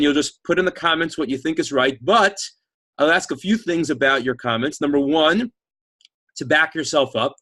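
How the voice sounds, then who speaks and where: A man teaching an online class, telling a story in an animated, chatty way and reading out viewer comments. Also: medium pitch, no room sound.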